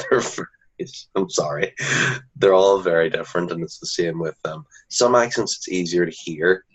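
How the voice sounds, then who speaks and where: A man's voice: sits low, wildly swooping pitch, normal speed, breathy edge. A man, a guest in a casual interview, talking earnestly and often restarting his sentences. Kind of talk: casual conversation. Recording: dull lo-fi recording.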